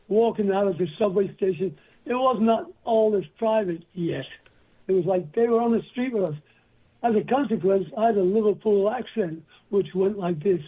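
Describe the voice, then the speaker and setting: An older man spins long, wandering anecdotes in a rather high, husky voice. He comes through a tinny phone line and slips into other people's voices as he talks. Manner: rambling anecdotal storyteller, acts out quoted voices. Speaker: guest. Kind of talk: storytelling interview.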